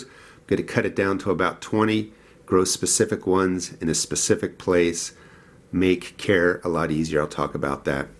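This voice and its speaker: A middle-aged man with a New Jersey accent rambles through a casual gardening vlog, voice sitting a bit low. He talks in a loose, chatty way and laughs at himself, walking from his indoor seedlings out into the cold garden. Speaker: gardening channel host. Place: indoor grow room then outdoors in cold garden.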